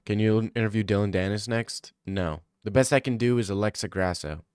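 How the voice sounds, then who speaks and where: A man's voice: on the low side, brisk, a little mellow, clear, resonant tone, dry recording, clean studio sound. A young man streaming, chatting casually, joking, rambling and swearing freely. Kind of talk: casual live-stream chat.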